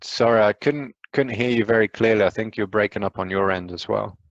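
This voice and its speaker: A man giving an enthusiastic live science lecture over a video call, talking quickly with lots of fillers and asides. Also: fairly low pitch, no echo, highs cut off. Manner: enthusiastic, fast, rambling with fillers.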